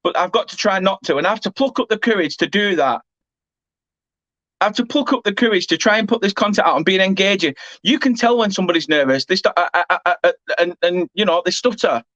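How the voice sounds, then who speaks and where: A man's voice: high voice, animated, fast, fairly bright tone, no room sound. Angry English man ranting, lo-fi. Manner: agitated, swearing, repeatedly apologising. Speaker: football fan channel host. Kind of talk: angry rant to camera.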